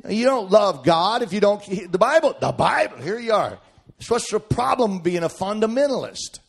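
A middle-aged male preacher with a drawl delivers a sermon in a slightly higher-than-usual voice. He hammers points home at full shout, then drops to low, folksy asides and jokes. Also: lively intonation, normal speed. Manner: emphatic, swings from shouting to quiet asides.

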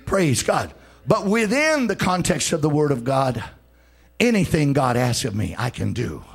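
A man preaching a church sermon, shouting and dropping low in turns, calling on the congregation to answer back. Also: sing-song, a little slow, gravelly, husky. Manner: call-and-response, shouting and swooping between loud and low. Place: church service before a congregation.

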